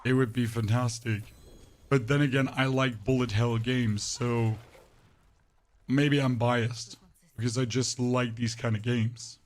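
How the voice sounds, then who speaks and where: Pushing his voice deeper than normal, this hoarse-sounding streamer talks to chat in a rambling, chatty way as he plays, putting little emphasis on his words. His intonation stays fairly even and his pace is measured.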